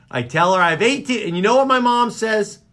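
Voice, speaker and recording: A middle-aged man hosting a talk radio show, ranting through comic stories about his family in an excitable, exaggerated way. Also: high-pitched, brisk. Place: radio studio.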